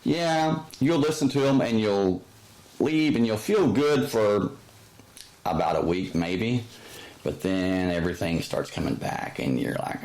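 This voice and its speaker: A man hosting a casual religious commentary, rambling with many fillers and sudden high-pitched exclamations. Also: animated, a little slow, a little mellow, poor audio. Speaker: host.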